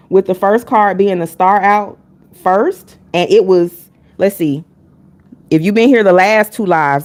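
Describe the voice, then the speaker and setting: A woman's voice: medium pitch, a little mellow. A woman reading tarot on a live stream, talking casually and bluntly. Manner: candid and blunt, chatting with chat between readings.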